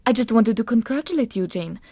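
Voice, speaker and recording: A woman's voice: fairly high pitch, lively intonation, brisk, mellow, no room sound, clean studio sound. Woman voicing a sneering sorceress. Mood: silky scheming. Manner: sneering and condescending. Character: haughty scheming sorceress woman, mocking.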